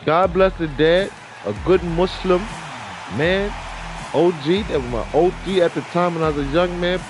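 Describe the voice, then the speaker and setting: A man's voice: high-pitched, normal speed, noisy background. A middle-aged man from New York City hosting a gaming livestream, rambling in slangy casual chat and laughing often. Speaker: livestream host.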